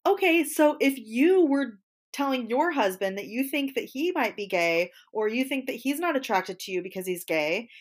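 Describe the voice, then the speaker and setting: A woman's voice: high-pitched, expressive, normal speed. Woman, co-host, casual chat, blunt gossip, acted-out quotes. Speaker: podcast co-host.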